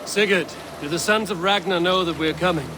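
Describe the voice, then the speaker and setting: A man's voice: sits high, brisk, music in the background, close to an everyday voice. A man playing a wry Viking crewman. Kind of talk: video game voice acting.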